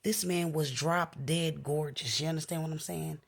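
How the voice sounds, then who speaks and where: A married woman with a scratchy voice tells a personal story in a casual vlog, jumping up high in pitch when she quotes herself. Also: moderate pace, creaky, husky. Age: adult, married. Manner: animated, jumps up high when quoting herself. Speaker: vlogger.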